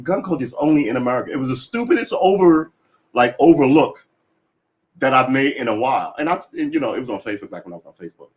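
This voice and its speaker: A man's voice: medium pitch, lively intonation, fast. A man chatting casually on a livestream, rambling and swearing, acting out little quoted exchanges as he goes.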